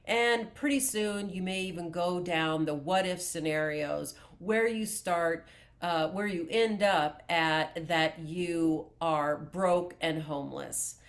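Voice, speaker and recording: Slow, calm, low-voiced woman life coach. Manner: calm, slow, deliberate explaining with filler restarts. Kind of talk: self-help video talk to camera.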